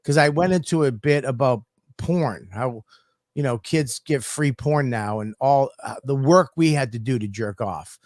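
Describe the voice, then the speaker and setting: A man's voice: mid-range voice, unhurried, a little mellow, no echo, clean studio sound. A man, a comedian co-hosting a podcast, telling rambling, profane stories in casual chat.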